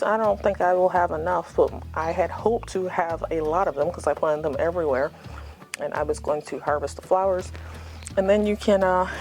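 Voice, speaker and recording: A woman's voice: lowish voice, darkish tone. A woman giving a casual, unscripted tour of her front yard garden, chatty and rambling with self-deprecating asides, filmed outdoors on a phone.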